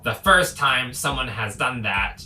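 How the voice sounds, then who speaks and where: Man doing a stiff, slow-paced announcer. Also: medium pitch, animated, pushed and bright, soft background music. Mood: formal. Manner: slow, awkward cadence. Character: stiff, formal game-show announcer.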